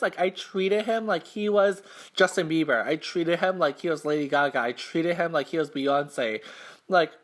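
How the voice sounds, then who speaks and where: A man's voice: high-pitched, normal speed, a bit bright. A young man hosting an eating show, telling a casual story between bites in a rambling, filler-heavy way, self-conscious and embarrassed. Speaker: mukbang host.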